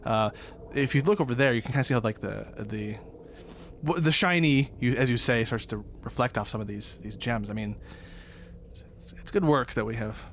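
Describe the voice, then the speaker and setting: A grubby, stinky mine guard with a low, hushed, oily murmur, as a man puts him on. He sounds smitten and sleazy, with a middle-pitched male voice and faint noise behind it. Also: fairly quick, natural voice. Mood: leering.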